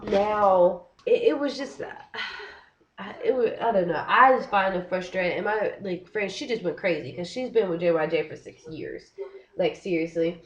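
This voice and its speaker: A young woman speaks straight to her camera in a casual vlog rant, animated and frustrated, with "like" dropped in constantly. Her voice sits at a middling pitch. The recording sounds a little dull and lo-fi. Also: moderate pace. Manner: frustrated, animated, heavy use of "like". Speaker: vlogger. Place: living in Korea.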